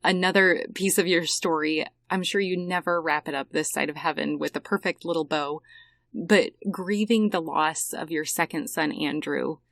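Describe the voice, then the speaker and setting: A woman hosting a podcast asks her guests gentle, measured questions in a lowish voice with a gravelly, creaky edge. The sound is close and dry, with no room echo. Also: fairly even intonation. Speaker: podcast host. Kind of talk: interview questions.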